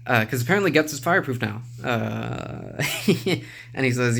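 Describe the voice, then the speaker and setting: A man reviewing a manga volume in a relaxed, rambling way, with lots of filler sounds and small chuckles. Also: mid-range voice, normal speed, gravelly. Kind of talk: casual video review.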